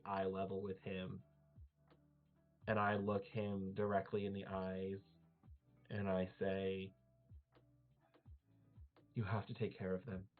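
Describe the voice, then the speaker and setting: Man, lowish voice, tabletop player, hesitant, thin phone-line sound with faint music. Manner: soft, hesitant with fillers. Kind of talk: in-character tabletop role-play.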